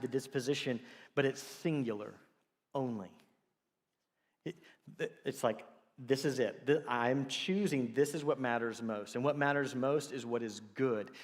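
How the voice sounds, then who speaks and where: Preaching in a church sanctuary, the middle-aged pastor has a medium-pitched voice with a big-room sound. His sermon is built on animated stories, with quotes acted out.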